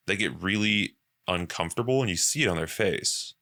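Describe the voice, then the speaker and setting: A man's voice: sits low, brisk, sharp tone. A young man hosting a podcast, chatting casually and profanely and acting out quoted voices. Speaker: podcast host.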